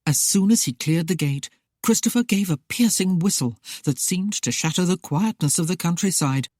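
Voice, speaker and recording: An audiobook narrator reading a historical romance in a steady, even way. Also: mid-range voice, normal speed, no room sound, studio quality.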